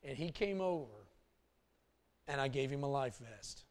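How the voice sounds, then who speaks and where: A male pastor telling a personal story in a sermon, animated and swinging from hushed asides to loud bursts. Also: mid-range voice, a little slow.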